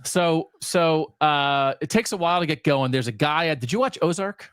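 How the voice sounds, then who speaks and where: A man co-hosting a sports talk podcast, chatting casually and telling rambling, animated stories. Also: on the high side, moderate pace, smooth, dry recording, studio quality. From US Mid-Atlantic region. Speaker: podcast co-host. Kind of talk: casual chat.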